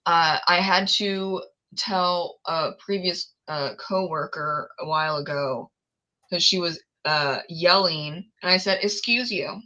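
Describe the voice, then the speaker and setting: A woman's voice: lowish voice, steady tone, slow, pushed and bright, highs cut off. A woman hosting a casual livestream chat, talking candidly and laughing often. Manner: candid, laughs often, acts out quoted exchanges. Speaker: livestream host.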